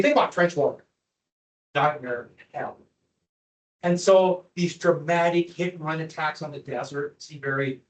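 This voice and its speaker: A man's voice: on the high side, poor audio. A man teaching a history class over maps and slides, chatty, with asides and rhetorical questions to his students.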